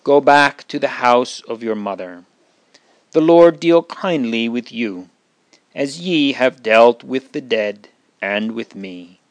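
A man's voice: mid-range voice, lively intonation, takes it slowly, no room sound. A man voicing a grieving elderly widow, earnest and pleading, in a read-aloud Bible story. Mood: tender.

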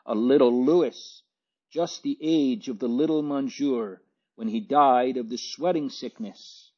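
A man voicing an excitable, warm-hearted landlady, emphatic and near tears, on a dull lo-fi recording. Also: medium pitch, measured pace, breathy edge, voice pushed up. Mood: fervent.

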